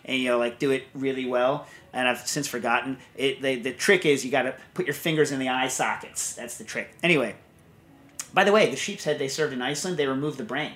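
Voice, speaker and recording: A man in a relaxed podcast conversation, talking at an easy middle pitch. He rambles through stories with lots of asides and "you know"s, in a loose, chatty manner. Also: a little fast. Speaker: podcast host. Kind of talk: casual chat.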